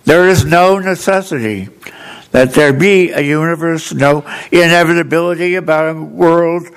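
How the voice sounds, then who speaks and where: A man with an audible speech defect reading aloud in church, telling a story in an earnest, gently humorous way. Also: fairly high pitch, moderate pace, gravelly, smooth, low-quality recording. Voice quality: altered articulation from a speech defect. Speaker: lay reader in church.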